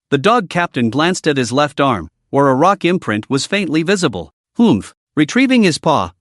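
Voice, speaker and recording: A man narrates a story recap in a steady storytelling manner. His voice is a little high and rises and falls a lot. The recording is dry, with no room sound. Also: no echo.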